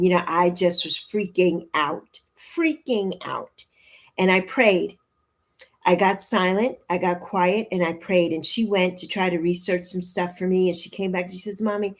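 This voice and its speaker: A woman in her early sixties hosting a casual livestream, chatting warmly and repeating her phrases as she answers viewers' comments. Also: lowish voice. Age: 60s. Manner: warm, chatty, repeats phrases, laughs often. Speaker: livestream host.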